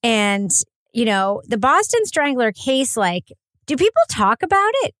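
A woman's voice: on the high side, big pitch swings, unhurried, a bit bright, no echo, studio quality. Chatty woman podcast co-host. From lived in New England since 1993. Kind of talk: casual chat.

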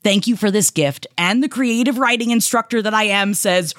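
A woman podcast host reading listener shout-outs aloud, heartfelt and emotional, her voice swinging high and low. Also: lively intonation, normal speed, hardly any pauses, no room sound, clean studio sound. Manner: warm, emotional, heartfelt delivery with sudden pitch swings.

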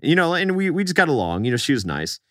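A man's voice: a little high, big pitch swings, quick pace, a bit bright, no room sound, clean studio sound. A young man co-hosting a podcast, chatting casually and acting out the people in his story. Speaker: podcast co-host.

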